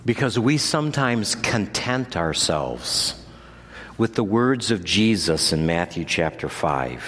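A man preaching in a church sanctuary, his low voice swinging widely in pitch as he teaches slowly and then presses his point hard. A long reverb trails every phrase. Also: sing-song, husky. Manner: builds from low measured teaching to loud, high-pitched preaching. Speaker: pastor. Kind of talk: sermon.

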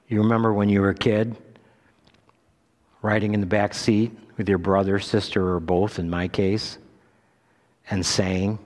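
A male pastor preaching a sermon with emphasis, his voice lifting high when he quotes Scripture. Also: level tone, measured pace, long pauses, darkish tone, long reverb tail. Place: church sanctuary.

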